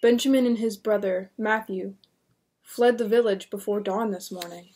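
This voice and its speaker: A woman voicing a calm, solemn male deputy magistrate who speaks quietly. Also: medium pitch, normal speed, husky, lightly acted.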